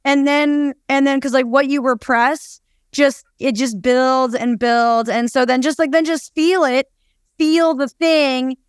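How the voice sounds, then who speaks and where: A woman co-hosting a casual podcast, talking playfully in quick bursts and repeating her phrases. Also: sits high, steady tone, clean tone, no room sound, clean studio sound. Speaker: podcast co-host. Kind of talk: casual conversational podcast chat.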